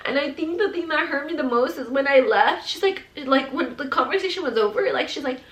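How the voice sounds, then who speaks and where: A woman's voice: high-pitched, brisk, a bit bright. A woman sharing her own experience in a candid vlog, rambling and emotional and filling her speech with "like". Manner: rambling, heavy use of "like", emotional and open. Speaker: mother sharing her postpartum depression story. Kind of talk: candid personal storytelling vlog. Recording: roomy echo.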